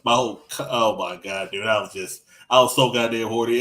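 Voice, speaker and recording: A man telling crude stories in casual podcast chat. He rambles with lots of restarts and acts out what others said, swinging loud and soft. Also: lowish voice, steady tone, a little fast, slight background noise, poor audio.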